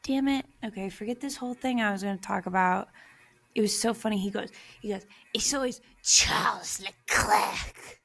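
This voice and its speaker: A woman's voice: medium pitch, fast, vocal fry. A young woman co-hosting a podcast, chatting casually and telling stories with laughter. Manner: chatty, laughing, animated storytelling. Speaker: podcast co-host. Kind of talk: casual chat.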